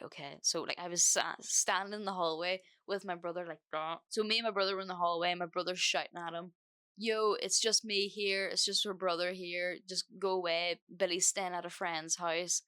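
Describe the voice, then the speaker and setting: A young woman hosting a podcast, telling a story in an animated, swearing, laughing way. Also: lowish voice. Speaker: podcast host. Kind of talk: storytime monologue.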